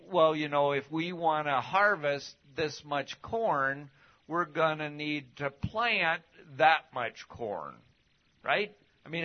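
A middle-aged male preacher speaks slowly and with a fairly high voice, in a folksy, conversational teaching style. He leans on rhetorical questions and homely examples. The recording sounds dull and lo-fi. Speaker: pastor teaching a class. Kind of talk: conversational sermon.

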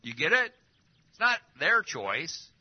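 A man preaching a sermon, full of rhetorical questions and swinging between loud and hushed. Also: a little high, slow pace, breathy edge. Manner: lively, rhetorical questions, drops to near-whispers. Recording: dull lo-fi recording.

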